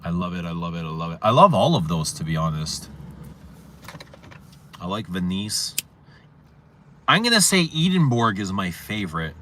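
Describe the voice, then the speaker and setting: A man with a low, sing-song voice hosts a fragrance livestream, chatting casually as he reads viewer comments and answers their questions. He talks at normal speed with frequent pauses, rambling and repeating himself. His tone is fairly bright, and there's slight background noise.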